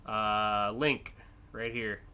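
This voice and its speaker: A man's voice: on the low side, fairly even intonation, very slow, sharp tone, smooth. A man streaming live, casually and enthusiastically judging car designs, with frequent fillers and swearing.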